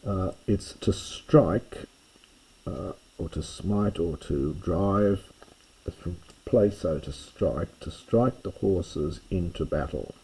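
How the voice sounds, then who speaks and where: A man with a very low, dark voice works through a classical text, unhurried and patient. His tone is husky, and he pauses over words, leaning on each translation. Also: low-quality recording. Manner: thoughtful, pauses with fillers, stresses translations. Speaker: classics teacher reading Homer. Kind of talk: slow line-by-line Greek lesson.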